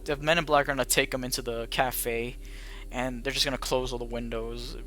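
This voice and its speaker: A man's voice: medium pitch, little pitch movement, a little fast, a bit bright. A man narrating as game master of a tabletop game, casual and rambling, with frequent swearing.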